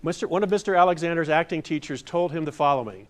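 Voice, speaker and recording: A man's voice: on the high side, fast, hardly any pauses. Playful older man leading a movement workshop. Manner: playful, demonstrative, acts out overblown theatrical lines. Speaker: masterclass presenter. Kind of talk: workshop lesson with audience exercises. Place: room with a live audience.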